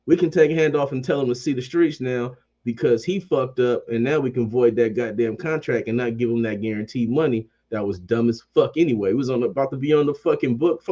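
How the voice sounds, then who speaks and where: A man's voice: mid-range voice, brisk, hardly any pauses, warm tone, lo-fi sound. A man ranting about sports as a fan commentator. He swears constantly, repeats phrases, and keeps up a heated, profane energy.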